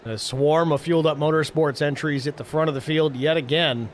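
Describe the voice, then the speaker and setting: A man hosting and calling a sim race play-by-play in a brisk, matter-of-fact way. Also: on the high side, steady tone, slight background noise. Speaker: play-by-play host. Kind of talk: sim racing play-by-play commentary.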